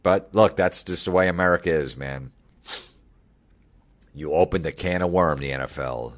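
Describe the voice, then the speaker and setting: A man's voice: extremely low pitch, moderate pace. A middle-aged man hosting a comedy podcast, ranting bluntly and swearing constantly. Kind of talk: profane comedic rant.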